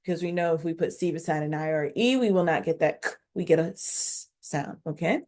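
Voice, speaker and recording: A woman's voice: low-pitched, a little mellow. A woman teaching a phonics lesson on video, speaking directly to her learners, sounding out each syllable and encouraging them along. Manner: slow, instructive, sounding out syllables.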